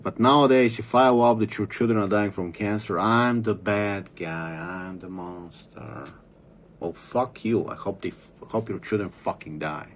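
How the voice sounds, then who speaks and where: A man's voice: fairly low pitch, moderate pace, hardly any pauses, slight background noise. A man delivering an angry, profane vlog rant, bitter and repeating phrases for emphasis. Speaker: vlogger. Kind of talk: angry ranting monologue.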